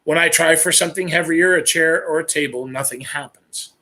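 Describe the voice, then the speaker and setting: Male audiobook-style reader, forceful, bright tone, earnest first-person narration. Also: a little high, fairly quick.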